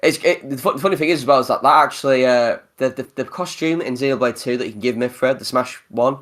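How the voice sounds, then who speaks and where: A man hosting a relaxed podcast conversation at an ordinary middle pitch. He talks in an animated way and breaks into laughter often. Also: fast. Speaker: podcast host. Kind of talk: casual podcast chat.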